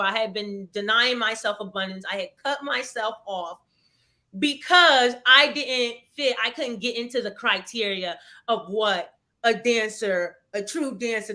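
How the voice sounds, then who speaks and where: A woman's voice: medium pitch, bright, forceful tone. A woman in her thirties telling a personal story in a live webinar, earnest and reflective, often restarting her sentences. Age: 30s. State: tearful at moments. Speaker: webinar guest.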